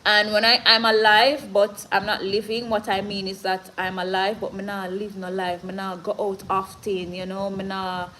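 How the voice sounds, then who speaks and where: Jamaican woman, live-stream host, earnest and motivational, slips into patois, breathless, mid-pitched voice. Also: little pitch movement, moderate pace, few pauses, bright, forceful tone, slight background noise, poor audio. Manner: earnest and motivational, switching between patois and standard English. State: short of breath. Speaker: livestream host reading viewer comments. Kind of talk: casual live-stream chat.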